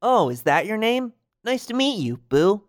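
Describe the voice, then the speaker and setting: A man's voice: high voice, sing-song, normal speed, voice pushed up. Man doing a cheerful teen boy hero. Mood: friendly. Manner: bright, upbeat, gentle with a child.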